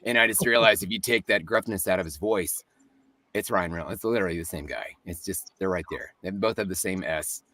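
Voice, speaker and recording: A man's voice: low-pitched, fairly quick, pushed and bright, no echo, far from the mic. A man, a voice actor, talking as a guest in a casual interview, chatty and joking, often laughing.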